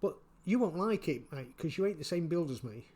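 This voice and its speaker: A man giving casual spoken commentary, halting and repeating his words, chuckling often. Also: a little high, lively intonation, dark tone, breathy edge. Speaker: vlogger.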